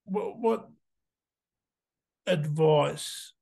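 Low, gravelly-voiced woman interviewer. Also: very slow, mellow. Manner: brief, supportive listener.

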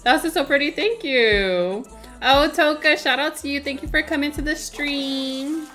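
A woman's voice: high voice, unhurried, fairly bright tone, soft background music. A woman streaming a game in casual, chatty commentary, laughing often and talking to her chat.

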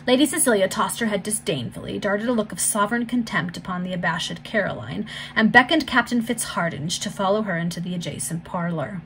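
A woman reading a Victorian novel aloud in a steady, clear, measured voice. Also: medium pitch, a little hiss or hum, rough recording. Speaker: volunteer reader.

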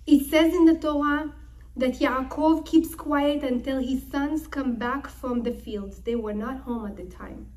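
A woman's voice: high voice, a little slow, darkish tone. A woman teaching the Torah as a dramatic retelling, emphatic and full of repeated phrases. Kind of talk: dramatic retelling of a Bible story.

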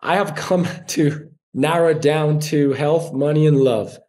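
A man in his forties speaks English with a Colombian Spanish accent, his voice sitting a little higher than most men's. He tells stories in a relaxed interview, often slipping into quoted voices of other people. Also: a little slow. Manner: animated storyteller acting out quoted voices. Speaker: podcast guest, actor. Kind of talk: casual interview chat.

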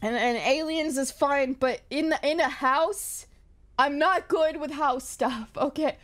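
A woman's voice: sits high, unhurried. A woman streamer giving live gaming commentary, jumpy, yelping and repeating herself when scared.

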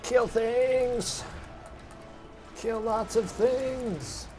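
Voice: medium pitch, steady tone, extremely slow, over music. A co-host playing against a friend in a casual let's-play, teasing and giggly. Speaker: gaming co-host.

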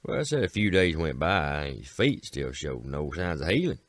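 A man with a very deep voice and an Appalachian accent tells an old mountain folk tale in a homespun, rambling way, starting lines with "said" and lifting his voice for the characters. The recording is close and dry. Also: very animated, moderate pace, no room sound. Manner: folksy, repeats "said" often, voices characters. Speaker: storyteller.

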